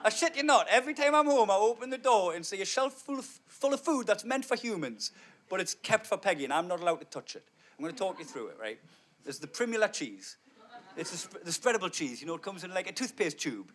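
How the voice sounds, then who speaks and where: A brash man in his thirties works a live crowd from the stage, his fairly high voice bright and cutting. He swears freely and swings between low, dry asides and loud, punchy outbursts. The sound is a stage microphone. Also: sing-song, quick pace. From North East England. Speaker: stand-up comedian. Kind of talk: stand-up comedy. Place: theatre stage before a live audience.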